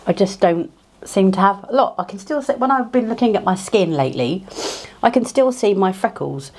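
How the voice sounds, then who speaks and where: Doing her makeup on camera, this English beauty vlogger rambles along with plenty of fillers and false starts. She speaks briskly and expressively at a medium pitch with a darkish tone, recorded at home on a cheap clip-on mic in an echoey room.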